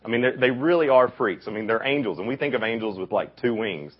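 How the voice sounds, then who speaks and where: Young male youth speaker, deep and husky, lively storyteller who acts out quotes, dull lo-fi recording. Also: quick pace. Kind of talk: casual youth sermon.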